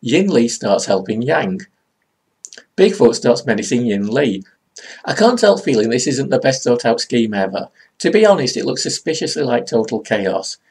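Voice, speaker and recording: Sarcastic, gravelly man. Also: mid-range voice, sing-song, moderate pace, a little mellow. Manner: sarcastic, rambling. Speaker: comics reviewer. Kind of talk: comedic review monologue.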